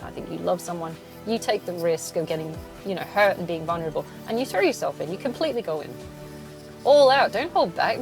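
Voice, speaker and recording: Blunt, sweary woman venting. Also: on the low side. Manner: blunt, swears a lot, laughs often. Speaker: podcast host. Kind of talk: solo venting podcast. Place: in a car.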